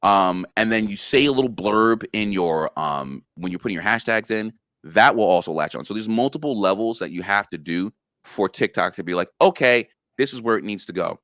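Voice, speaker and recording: A man's voice: fairly low pitch, lively intonation, moderate pace, fairly bright tone, no room sound, studio quality. A man guest on a casual interview chat, earnestly explaining things step by step. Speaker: guest content creator.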